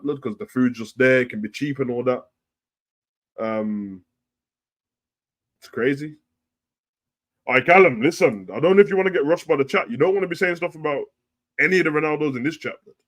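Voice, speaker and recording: A man hosting a casual live stream, reading out chat comments in a blunt, profane, heavy way. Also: mid-range voice. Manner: blunt, profane, slangy, swings between loud and quiet.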